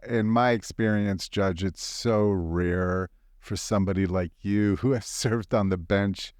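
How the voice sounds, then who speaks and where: A man's voice: fairly low pitch, fairly even intonation, measured pace, darkish tone, no echo, clean studio sound. A man hosting a legal podcast, asking long, lawyerly clarifying questions. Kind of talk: podcast interview.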